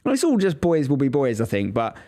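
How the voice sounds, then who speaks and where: A man in his thirties, a podcast co-host in casual chat, telling lively anecdotes and acting out what others said. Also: mid-range voice, brisk. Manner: lively anecdotal storytelling, acts out quoted voices.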